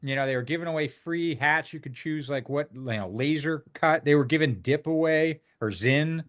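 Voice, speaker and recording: Enthusiastic guest, a man with a slightly high voice. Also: normal speed. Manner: enthusiastic, laughs often. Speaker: guest, suppressor company founder. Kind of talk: casual interview chat.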